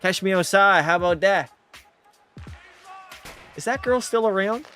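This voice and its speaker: A man's voice: high voice, a little slow, sharp tone, faint music behind. Rowdy, tipsy young man streaming a game. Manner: rowdy, profane, mock play-by-play, reads chat aloud. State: tipsy from a few drinks. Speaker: gaming streamer. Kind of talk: live-stream commentary.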